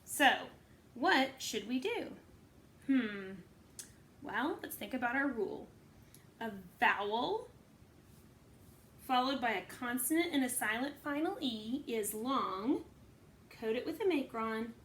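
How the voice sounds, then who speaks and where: A woman's voice: a little high, expressive, slow, pauses often, fairly bright tone, a little hiss or hum. A woman teaching a phonics lesson to kindergarten children, patiently sounding out words.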